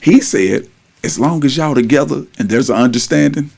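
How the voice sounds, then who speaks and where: A man's voice: mid-range voice, normal speed, vocal fry, a little mellow. A man in his thirties hosting a podcast, talking emphatically and ribbing a friend in heated casual chat. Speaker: podcast host.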